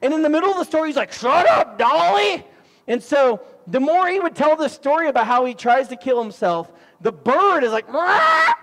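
A middle-aged man preaching a sermon, telling stories in an animated way with sudden loud outbursts. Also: very high voice, fairly quick, hardly any pauses. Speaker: pastor. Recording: long hall reverb.

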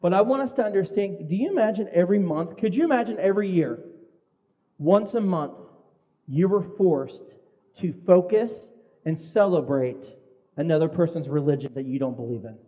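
A man's voice: high-pitched, lively intonation, normal speed, mellow, in a large hall. A male pastor preaching a sermon in an earnest way, often repeating words as he restarts.

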